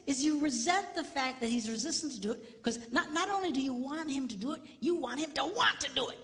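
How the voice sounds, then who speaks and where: Animated male seminar speaker in a hall. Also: extremely high pitch, a little fast, slight background noise. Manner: animated storytelling, teasing the audience. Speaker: pastor and marriage seminar speaker. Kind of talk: comedic seminar talk. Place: large hall before an audience. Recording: reverberant hall.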